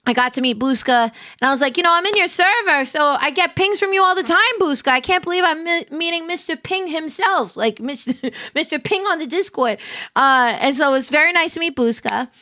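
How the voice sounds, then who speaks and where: A woman's voice: sits high, fairly quick, dry recording, clean studio sound. A woman streamer casually telling a story to her chat, acting out the quotes from it. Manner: animated anecdote telling with acted-out quotes.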